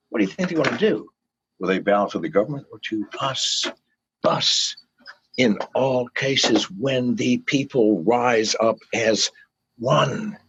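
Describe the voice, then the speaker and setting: A man's voice: on the low side, creaky, husky. An older man, a guest in an interview, ranting with fiery, profane pleas to his listeners in a dull lo-fi recording. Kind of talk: impassioned rant in an interview.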